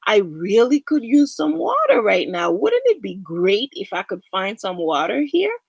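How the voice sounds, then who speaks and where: A woman's voice: mid-range voice, wildly swooping pitch, measured pace, gravelly, husky, no room sound, exaggerated voice. A woman voicing a hungry man wandering the desert who keeps exclaiming his wishes aloud. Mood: wishful.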